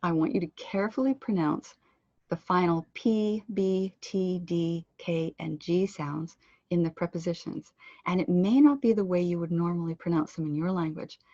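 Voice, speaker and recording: A Canadian woman giving a pronunciation lesson at a web conference, with a clear instructive delivery and words drawn out for drilling. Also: fairly low pitch, moderate pace, mellow, no room sound, lo-fi sound. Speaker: pronunciation teacher.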